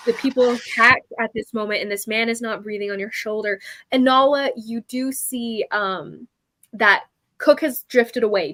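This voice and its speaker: A woman narrating a tabletop role-playing game as game master, in lively, chatty speech with quick voiced asides. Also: mid-range voice.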